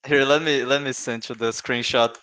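A man's voice: medium pitch, steady tone, moderate pace, bright, forceful tone, a little hiss or hum. A man chatting casually as a game contestant, tired and offhand. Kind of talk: casual chat.

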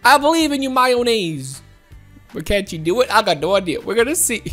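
A woman's voice: a little high, sing-song, brisk, fairly bright tone, soft background music. A woman giving casual gameplay commentary, playful and coaxing her teammates, often laughing. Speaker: gaming commentator.

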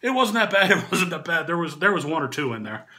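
A man's voice: a little high, sing-song, fast talker, sharp tone. A man voicing a flustered, fussy male manager who keeps downplaying his embarrassment.

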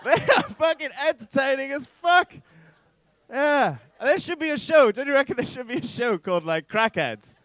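A young English man with a posh-sounding voice doing a stand-up set in a comedy club, telling rambling, self-mocking stories full of swearing and loud punchlines. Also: very high-pitched, animated, normal speed, no echo. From England. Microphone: handheld stage mic.

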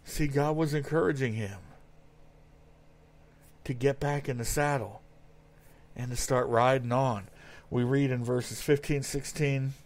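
A man's voice: medium pitch, steady tone, a little slow, long pauses. Earnest man preaching a sermon. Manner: earnest, with frequent repeated words and restarts. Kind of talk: sermon reading scripture aloud.

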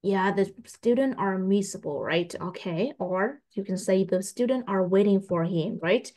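A woman English teacher, patiently testing a young pupil and repeating her questions slowly. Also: medium pitch, darkish tone. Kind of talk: online English test with a child.

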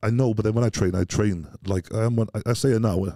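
Fast-talking deep Welsh man. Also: steady tone, warm tone, dry recording, studio quality. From Wales. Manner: rambling, self-doubting anecdotes with blunt swearing. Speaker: podcast guest. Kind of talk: casual interview storytelling.

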